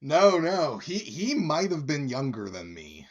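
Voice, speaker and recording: Slow, halting male storyteller. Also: fairly high pitch, sing-song, dull audio, a crowd in the background. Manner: slow, halting anecdote telling with quoted voices. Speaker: podcast co-host. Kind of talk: casual storytelling chat.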